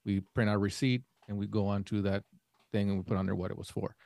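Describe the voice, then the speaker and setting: Man, low voice, casual rambling storyteller, dry close sound. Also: little pitch movement, fast, vocal fry, a little mellow, no room sound. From Mexican family. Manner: rambling storyteller, acts out quoted dialogue. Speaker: podcast co-host. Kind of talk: casual chat.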